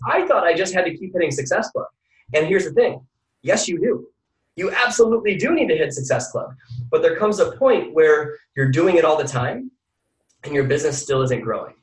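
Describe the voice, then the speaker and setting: A man giving a motivational talk to an audience, energetic and often asking the listeners questions. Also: on the high side. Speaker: mindset speaker. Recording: echoey room from far off.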